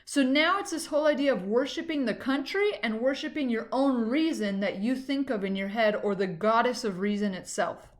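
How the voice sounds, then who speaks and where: A woman's voice: a little high, moderate pace, few pauses. Casual, chatty woman teacher. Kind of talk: recorded history lesson.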